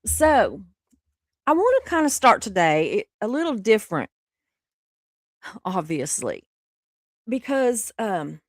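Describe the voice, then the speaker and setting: A woman's voice: fairly high pitch, sing-song, slow pace, pauses often, no room sound, clean studio sound. A middle-aged woman, sick with the flu, hosting a casual livestream chat, rambling and laughing often as she reads viewer comments. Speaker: livestream host.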